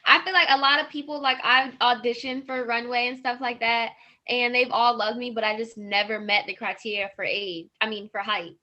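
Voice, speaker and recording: A young woman with a bright, slightly high voice answers questions as a guest on a video call. She talks casually and fills her sentences with "like" and "um". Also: fairly even intonation, moderate pace, dull audio. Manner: casual, many fillers like "like" and "um". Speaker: guest, model. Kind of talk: casual interview chat.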